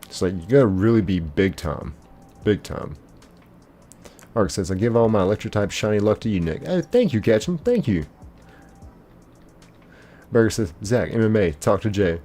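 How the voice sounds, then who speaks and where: A laid-back young man hosts a live game stream in a loose, chatty manner, reading out comments and greeting viewers by name. His voice sits a little low and has a mellow, relaxed tone, with soft music playing underneath. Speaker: livestream host.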